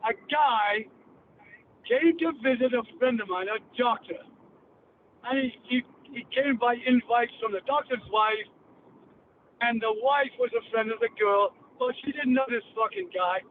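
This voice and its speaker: This heated call-in rant comes from an older English guest who speaks bluntly and profanely. His very high-pitched voice moves a little slowly, and the phone line sounds tinny with faint noise.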